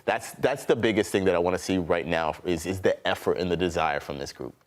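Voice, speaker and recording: A man's voice: low-pitched, a little fast. A man analyzing soccer on a panel show, emphatic and repeating himself as he builds his points. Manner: emphatic, repeats words and restarts often. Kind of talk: sports panel discussion.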